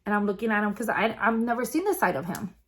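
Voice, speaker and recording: A woman vlogger telling a personal story in a casual, halting way, with many fillers and restarts. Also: mid-range voice, animated, a bit bright, slightly rough.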